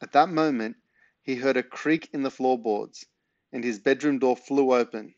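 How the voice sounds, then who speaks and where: A man reading a children's book aloud in an unhurried, relaxed way. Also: medium pitch, dry recording, muffled recording. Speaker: reader.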